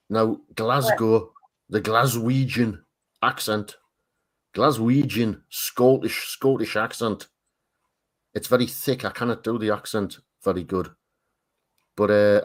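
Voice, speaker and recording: Taking part in a relaxed group chat on an art livestream, a co-host with a Tyne and Wear accent from Northern England speaks in a voice on the low side. His delivery is halting, often stopping and repeating words as he reaches for the next one.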